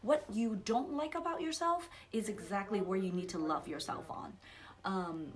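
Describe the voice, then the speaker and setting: A young adult woman giving a casual spiritual coaching talk, animated and laughing, acting out outbursts. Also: medium pitch, moderate pace, crowd noise. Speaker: psychic coach.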